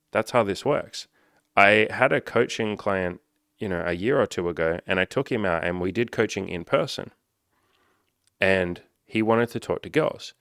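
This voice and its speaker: A man's voice: fairly low pitch, creaky, a bit bright, no echo, clean studio sound. A man giving blunt, casual dating advice to viewers, reading out their comments and answering them, swearing freely. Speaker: dating coach. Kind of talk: casual talking-head advice video.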